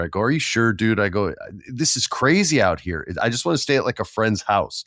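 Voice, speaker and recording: Lively man telling stories on a podcast. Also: lowish voice, fast talker, no echo, studio quality. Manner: animated storyteller, acts out quoted voices. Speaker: podcast host. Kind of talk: casual storytelling chat.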